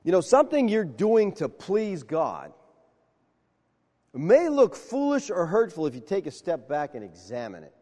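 A man preaching a sermon, telling stories with animated acted-out dialogue. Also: high voice, measured pace, big-room sound. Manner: animated storytelling, acts out dialogue. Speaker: pastor.

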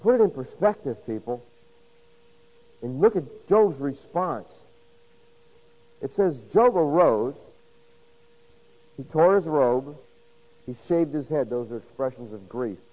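A man delivers a sermon in a voice pitched a touch high. He swings between loud, emphatic lines and soft, intimate ones, and acts out quoted voices with rhetorical questions. The sound is muffled and lo-fi, like an old radio broadcast. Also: animated, slow, pauses often. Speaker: pastor.

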